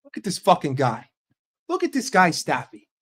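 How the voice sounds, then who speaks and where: A man's voice: on the high side, wildly swooping pitch, moderate pace, fairly bright tone. An American man in a sarcastic, combative rant on a fan stream, swearing often. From United States. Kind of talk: ranting live stream.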